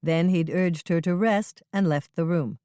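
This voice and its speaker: An audiobook narrator reading a cozy mystery in an even, measured way. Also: medium pitch, clear, resonant tone, no room sound, clean studio sound. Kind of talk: scripted narration.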